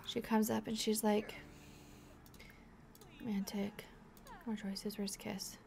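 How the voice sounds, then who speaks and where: A woman's voice: mid-range voice, little pitch movement, slow, vocal fry, darkish tone, a little hiss or hum. A young woman hosting a let's play, giving casual gameplay commentary in a chatty, encouraging way as she thinks aloud.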